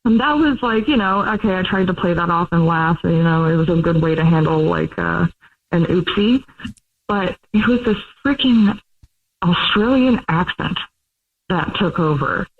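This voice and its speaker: A woman's voice: on the low side, normal speed. Woman, caller, hesitant and giggly, phone-line sound. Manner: hesitant, lots of ums, laughing. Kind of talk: casual phone chat.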